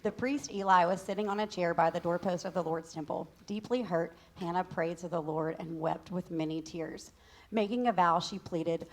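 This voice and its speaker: A Texan woman shares the pulpit, reading scripture aloud and breaking in with candid, joking asides. Her voice sits a little low for a woman. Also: moderate pace. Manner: candid and joking, says y'all. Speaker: pastor's wife co-teaching.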